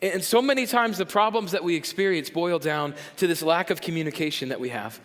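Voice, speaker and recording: Animated pastor preaching in a reverberant church. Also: male voice, on the high side. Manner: animated, jokey, acts out voices of listeners. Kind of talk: sermon. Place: church sanctuary.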